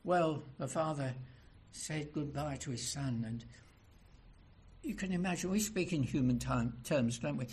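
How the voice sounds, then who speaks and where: Brief: male preacher, fairly high voice, sermon with rhetorical questions and emphatic build-ups. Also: measured pace, darkish tone, husky.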